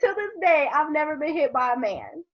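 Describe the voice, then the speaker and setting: A woman and mother telling a story from her youth in a casual podcast chat, animated, laughing often and swearing freely. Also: high-pitched, a little fast, muffled recording.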